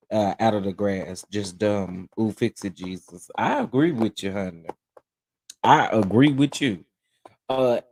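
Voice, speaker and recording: Sassy guy doing live gossip commentary, laughs a lot, voice jumps way up when hes shocked. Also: mid-range voice. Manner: sassy, animated, laughs often, keeps asking "okay?". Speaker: host of a gossip commentary livestream.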